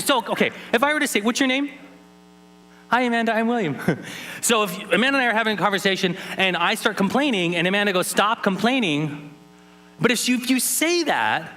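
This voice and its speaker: Male keynote speaker, bright lively voice, plays to the crowd, faint hum on the line. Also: sits high. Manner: playful, teasing, jokes with the crowd. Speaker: keynote speaker teaching sign language. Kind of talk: lively conference keynote with audience participation. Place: large conference hall.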